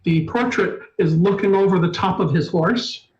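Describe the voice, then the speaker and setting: A man narrating a tabletop game as storyteller, in a measured, descriptive way. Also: high-pitched, highs cut off. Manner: measured, descriptive, apologetic asides.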